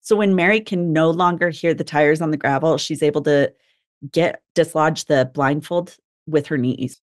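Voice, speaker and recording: A young woman tells a true crime story on a podcast in a relaxed, chatty way, dropping swear words and laughing between the grim details. Her voice sits on the low side, and the sound is close and dry with no room echo. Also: moderate pace. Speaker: podcast co-host.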